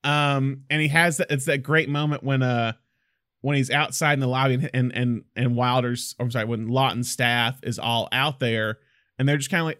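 A man's voice: mid-range voice, fairly even intonation, moderate pace, a bit bright, no echo, studio quality. A man co-hosting a casual film discussion, talking enthusiastically and acting out quotes from the movie.

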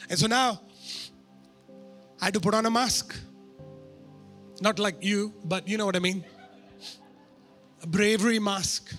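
A man preaching a sermon through a personal story, animated and poking fun at himself. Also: high-pitched, measured pace, long pauses, soft background music. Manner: animated, self-mocking humor.

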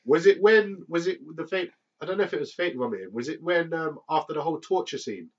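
A man's voice: a little high, lively intonation, fast talker. A man co-hosting a casual film chat, joking and teasing his co-host. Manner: joking, teasing, laughs often. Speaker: podcast co-host. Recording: dull lo-fi sound.

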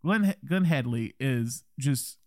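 A man co-hosting a film podcast chats casually about a comedy, jumping into playful put-on voices to act out scenes. His voice sits at a middle pitch. The sound is dry and close. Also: slow pace, dry recording. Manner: animated, acts out movie lines in playful voices. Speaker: podcast co-host.

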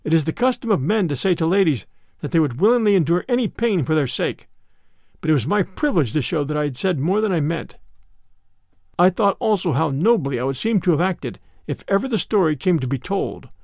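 Expressive, gravelly male storyteller. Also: fairly high pitch, brisk, no room sound, studio quality. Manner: expressive, dramatic. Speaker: audiobook narrator. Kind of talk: scripted narration.

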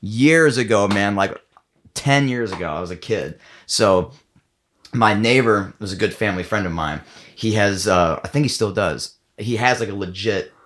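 A young man in casual chat, telling a story loudly and breaking into shouts and laughter. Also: lowish voice, normal speed. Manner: loud, bursts into shouts and laughter. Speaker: guest band member.

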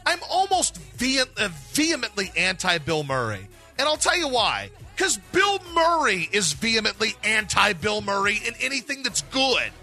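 A man with a high, very lively voice co-hosts a radio talk show, rambling and jumping into excited bursts. His tone is bright and sharp, with faint music underneath. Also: normal speed, few pauses. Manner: animated, rambling, jumps into high excited outbursts. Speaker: radio sports talk co-host. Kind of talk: casual radio banter.

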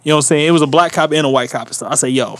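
A man telling a story in casual chat, animated and laughing often, swearing freely. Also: fairly high pitch, racing, no room sound.

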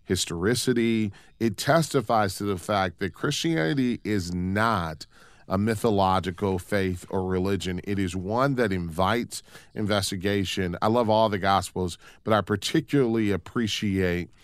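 A man hosting a Christian radio talk show in a measured, earnest way. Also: on the low side, no echo.

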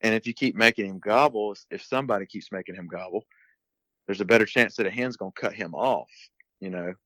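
A man's voice: lowish voice, brisk, fairly bright tone, no room sound, low-quality recording. A man being interviewed as a guest on a podcast, explaining things in a casual, uneven way with restarts and bursts of emphasis. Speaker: podcast guest, turkey hunter.

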